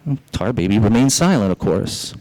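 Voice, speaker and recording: Southern pastor preaching with animated storytelling. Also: male voice, lowish voice, moderate pace, a little hiss or hum, rough recording. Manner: animated storytelling, addresses the congregation directly. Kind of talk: sermon.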